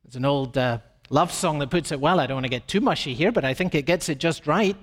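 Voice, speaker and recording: A man preaching a sermon emphatically, with dramatic shifts in pace and pitch. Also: fast. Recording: long reverb of a large hall.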